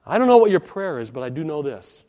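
High-voiced preacher in an echoing hall. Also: male voice, big pitch swings, fast, mellow. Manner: dramatic, rising and falling delivery with repeated phrases. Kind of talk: sermon.

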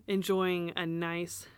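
A woman's voice: lowish voice, little pitch movement, very slow, clean tone, no room sound. A woman, hosting a podcast and telling stories in a rambling, chatty way with frequent laughs. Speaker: podcast host and business owner. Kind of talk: casual podcast storytelling.

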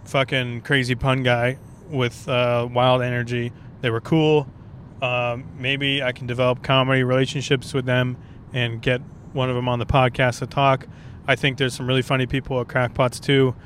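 Recorded on the road for his solo podcast, this male comedian talks in a casual, profane, meandering way. His pitch is medium and his tone fairly bright, with a little hiss or hum in the audio.

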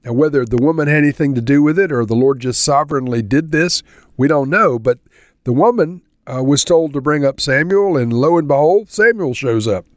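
A man's voice: fairly high pitch, fairly quick, no echo, studio quality. A man teaching verse by verse through a Bible chapter in a conversational, earnest way. He reads passages aloud, explains them, and closes with a spoken prayer.

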